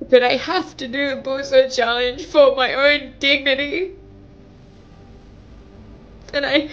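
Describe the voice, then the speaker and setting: A woman's voice: sits high, fairly bright tone, lo-fi sound. A young woman vlogger making an emotional message to camera, pleading and tearful, her voice breaking as she cries at times. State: crying at times.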